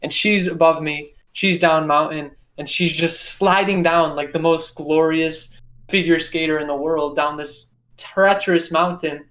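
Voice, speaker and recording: A man's voice: on the high side, steady tone, measured pace, fairly bright tone. A man, a podcast guest, telling a dramatic personal story in a casual interview, repeating phrases for emphasis. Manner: intense, repetitive retelling with vivid detail.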